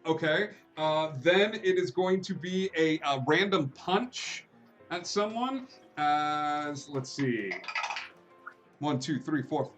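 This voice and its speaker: A man's voice: a little high, takes it slowly, faint music behind. Chuckling man running a tabletop game. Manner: relaxed, chuckling, many ums and uhs. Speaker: game master.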